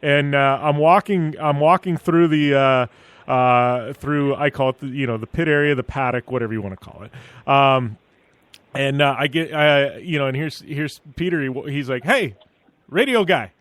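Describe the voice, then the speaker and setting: A man's voice: medium pitch, steady tone, moderate pace, a bit bright, clean tone, no room sound. A man hosting a motorsport radio show, casually telling stories and chatting with a guest. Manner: chatty anecdotal storyteller. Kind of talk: casual chat.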